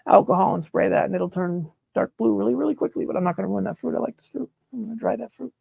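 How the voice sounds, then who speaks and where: A man's voice: high-pitched, quick pace, gravelly, husky, no echo, phone-quality sound. A man hosting a live mushroom-growing stream, talking casually while demonstrating and answering questions, blunt and exasperated, swearing freely.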